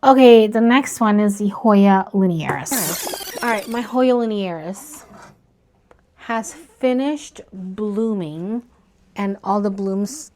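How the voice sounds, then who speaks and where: A woman vlogging about plant care, talking softly and slowly as she works, with worried asides. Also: medium pitch, lively intonation, noisy background. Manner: slow, soft-spoken, worried asides. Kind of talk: casual narration while working.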